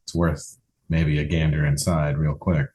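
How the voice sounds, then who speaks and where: A man playing a tabletop game, calm and deliberate, asking about the rules. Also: a bass voice, crowd noise. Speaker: player.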